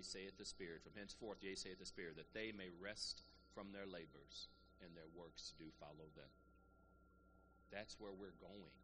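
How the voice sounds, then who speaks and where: A man's voice: deep voice, background noise. A man preaching a sermon to a congregation, rising into emphatic call-and-response and easing back into plain teaching.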